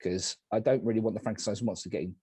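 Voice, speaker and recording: A man running an online party game as moderator, calm and polite as he narrates each night phase over a video call. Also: fairly low pitch, quick pace, breathy edge, no room sound.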